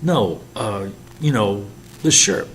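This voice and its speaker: A man's voice: lowish voice, expressive, slow pace, a little hiss or hum. A man reading a joking, lazy young sailor who talks flippantly.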